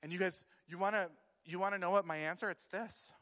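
Man, youth pastor, emotional sermon, high voice, long hall echo. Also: steady tone, fairly quick. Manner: emotional, swings from quiet grief to loud urging. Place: church hall.

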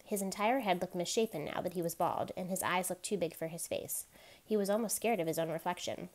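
A woman reading a novel aloud, gently giving each character a light voice of their own. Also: fairly low pitch, brisk. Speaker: reader.

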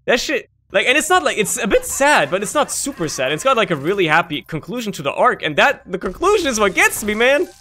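A man's voice: high voice, big pitch swings, brisk, hardly any pauses, bright, forceful tone, slight background noise. A man giving casual gameplay commentary, rambling candidly with lots of fillers and freely swearing. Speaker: gaming video creator.

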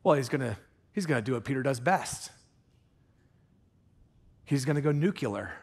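A man preaching a sermon from the pulpit, animated and earnest, dropping into hushed intensity for emphasis and tossing in casual jokey asides. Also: medium pitch, moderate pace. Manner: jokey asides with put-on accents. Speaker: pastor. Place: church sanctuary.

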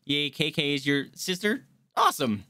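A woman's voice: deep voice, very animated, normal speed, pushed and bright, no room sound. A young woman giving casual, jokey commentary while she streams a video game and chats with viewers. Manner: chatty, laid-back, jokey.

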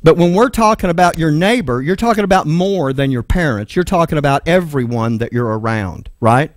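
A man's voice: a little high, lively intonation, a little fast, dry recording. A man with a Texan accent preaching and teaching from the Bible, reading verses aloud and asking the room questions before he answers them himself. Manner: reads scripture aloud, then explains it verse by verse; calls to an assistant for the next slide. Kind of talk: sermon-style Bible teaching.

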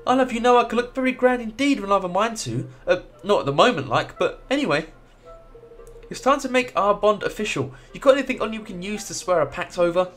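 Guy doing a cheeky little critter, voice pushed up higher, mock-hurt and sarcastic, lively. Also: quick pace, faint music behind. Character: cheeky little male creature, touchy and chatty.

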